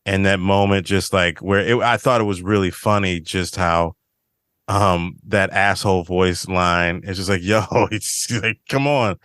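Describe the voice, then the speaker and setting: A man's voice: deep voice, flat delivery, unhurried, a bit bright, clean tone, no room sound, clean studio sound. A man hosting a podcast, casually retelling scenes from a TV episode and quoting the characters' lines. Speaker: podcast host. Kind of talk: casual chat recapping a TV episode.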